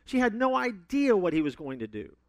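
A man with a high, sing-song voice preaches fairly quickly, with no echo in the recording. As a pastor telling stories, he acts out quoted people with large vocal swings.

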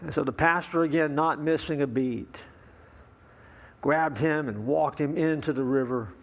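A man preaching a sermon as pastor, telling a story in a folksy, relaxed way with fillers and asides to the congregation. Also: fairly high pitch, a little slow, muffled recording.

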